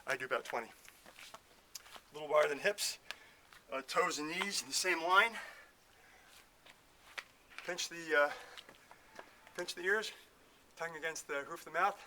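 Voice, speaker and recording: Fitness coach, man, bright forceful voice, slightly high, a little out of breath, outdoor workout video with faint noise behind. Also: a little slow, pauses often. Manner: chatty, self-mocking, explains while exercising. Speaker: fitness instructor. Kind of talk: casual workout demonstration. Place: outdoors at a house in the woods. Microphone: filmed by a camera operator.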